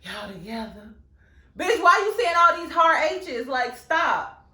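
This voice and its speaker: Woman host, casual, lively pitch, blunt and profane, echoey room. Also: unhurried. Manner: blunt, joking, profane interjections. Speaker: mukbang host. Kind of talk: casual chat.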